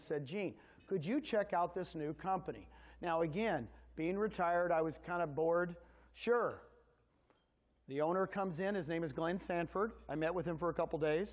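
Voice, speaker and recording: A middle-aged man giving a sales presentation to an audience, telling his story in a folksy way and speaking directly to the crowd. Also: sits high. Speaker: real estate presenter. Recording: dull lo-fi sound.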